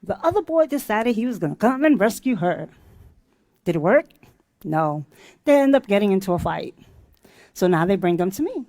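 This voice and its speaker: A woman teaching a character education class, telling a story with lively, acted-out dialogue. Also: mid-range voice, normal speed, long pauses, no echo. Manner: animated, acts out dialogue.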